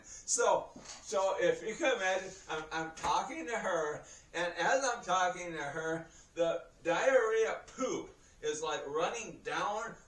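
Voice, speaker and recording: A man's voice: sits high, fairly bright tone. Rambling, profane man, roomy and distant. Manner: rambling, profane, laughs through the story. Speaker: vlogger. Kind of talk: casual storytelling. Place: indoor room. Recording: roomy echo, heard from a distance.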